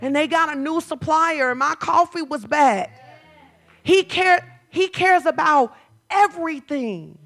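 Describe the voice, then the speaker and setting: A woman pastor preaching a sermon, moving from chatty storytelling to loud, fervent declarations. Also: high voice, expressive, measured pace.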